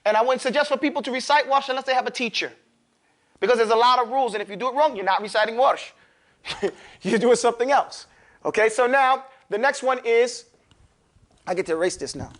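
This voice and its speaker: A male teacher leads a live Quran recitation class. His voice sits very high and sounds bright and forceful. He drills students with short repeated phrases, slows way down to model each word, and slips in loose, joking asides. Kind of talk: classroom tajweed lesson.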